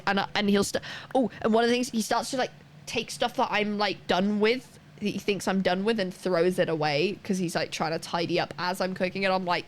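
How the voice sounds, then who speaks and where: A woman's voice: mid-range voice, fairly even intonation, fairly quick, a little hiss or hum. Chatty woman streamer rambling to chat. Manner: chatty, rambling, laughs often, reads chat aloud. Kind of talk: casual chat with live chat while gaming.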